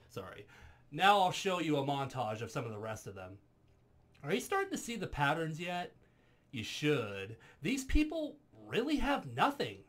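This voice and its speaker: A man's voice: fairly high pitch, fairly bright tone. A man delivering a commentary video in a wry, sarcastic manner. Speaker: YouTube commentary creator. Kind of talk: commentary vlog.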